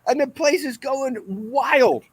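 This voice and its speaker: A man, the guest, telling a comic story in an animated, excitable way. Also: very high-pitched, takes it slowly, husky, no room sound. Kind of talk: comedic storytelling.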